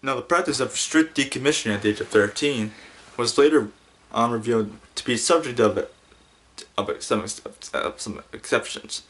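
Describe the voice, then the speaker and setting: A man's voice: medium pitch, moderate pace, a bit bright. A man hosting a casual podcast monologue, rambling and stumbling over his words while giggling often. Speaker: podcast host.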